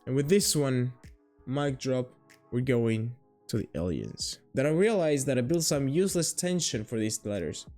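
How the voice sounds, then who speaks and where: A man's voice: medium pitch, very animated, normal speed, dark tone, soft background music. A man giving a playful, jokey video lesson on his alphabet, swearing now and then. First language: Greek. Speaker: language teacher.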